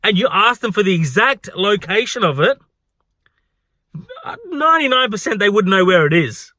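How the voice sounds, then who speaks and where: A man's voice: high-pitched, moderate pace, dry recording, clean studio sound. Exasperated, swearing man. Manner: animated, exasperated, swears freely. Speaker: hospitality worker vlogger. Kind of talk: ranting storytime vlog.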